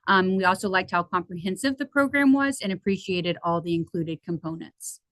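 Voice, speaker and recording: A woman's voice: lowish voice, expressive, a little fast, fairly bright tone, no echo, poor audio. A woman representing a school, giving her team's reasons in a matter-of-fact way.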